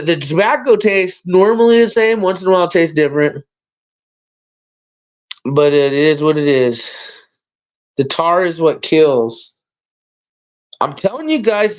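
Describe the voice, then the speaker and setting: A man hosting a casual livestream chat, rambling and swearing as he talks. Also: fairly high pitch. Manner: rambling, profane, animated. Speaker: livestream host. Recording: dull lo-fi sound.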